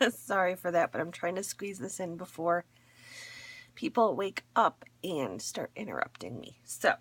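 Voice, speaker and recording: A woman vlogger talks through a fabric haul in a relaxed, unhurried way, her pitch bouncing up and down a lot. She still has her morning voice and rambles with fillers and little laughs. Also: breathy edge. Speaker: crafting vlogger. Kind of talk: casual chat showing a fabric haul.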